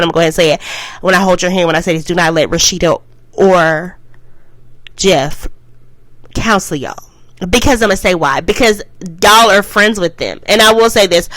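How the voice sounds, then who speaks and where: A woman with a fairly bright voice reviews a TV show in a casual vlog, on a dry, poor-quality recording. She rambles and goes off topic, keeps repeating "I will say this" before making a point, and swings up high for emphasis.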